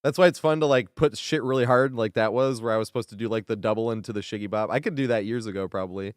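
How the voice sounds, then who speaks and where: A man's voice: on the low side, quick pace, clean tone, dry recording, clean studio sound. A young man streaming a game live, chatting loosely with frequent laughs and casual swearing. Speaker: gaming streamer.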